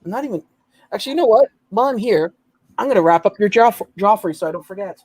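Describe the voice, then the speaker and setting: Chatty high-voiced man from Ontario. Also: expressive, fast talker, a little mellow, breathy edge, no room sound, rough recording. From Ontario, Canada. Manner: chatty, laughs often, trails off and restarts. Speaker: host of a late-night collectors' stream. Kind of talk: casual chat.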